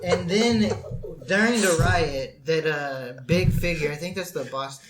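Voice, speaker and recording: A man's voice: on the high side, unhurried, reverberant, crowd noise. A man on a podcast, chatting casually and eagerly recapping scenes. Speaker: podcast co-host.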